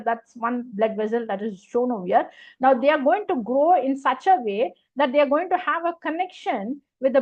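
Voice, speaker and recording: A woman's voice: sits high, highs cut off. A woman giving a university lecture, explaining step by step with many fillers and repeated phrases.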